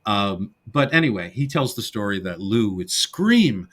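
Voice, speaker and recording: Lively middle-aged man retelling film scenes. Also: on the low side, normal speed. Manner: animated storyteller, acts out the film's lines in character. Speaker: podcast co-host. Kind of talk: casual film discussion.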